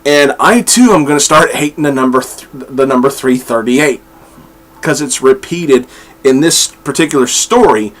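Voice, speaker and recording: A man's voice: mid-range voice, moderate pace, a bit bright. A man chatting his way through comic book reviews at home, rambling with frequent fillers and restarts. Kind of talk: casual review vlog. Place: room at home with his dog.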